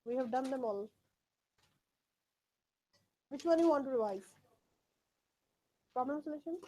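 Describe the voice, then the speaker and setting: A woman's voice: high voice, lively intonation, a little slow, mellow. A woman teaching a live test class, drilling pronunciation by repeating words. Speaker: English test tutor.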